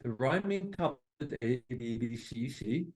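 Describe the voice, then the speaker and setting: A man reading poems at an online poetry gathering, slowly and deliberately, with chatty asides between them. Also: mid-range voice, lively intonation, a little mellow, rough recording. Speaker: poetry reader at an open mic. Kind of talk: casual reading and commentary. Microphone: online video call.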